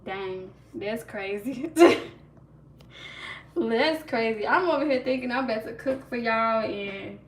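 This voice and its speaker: Chatting with her livestream audience, this woman laughs nervously, talks to chat and keeps restarting. She has a fairly high voice at a moderate pace with few pauses. The audio has roomy echo, a somewhat distant mic, faint ambience and a little hiss or hum.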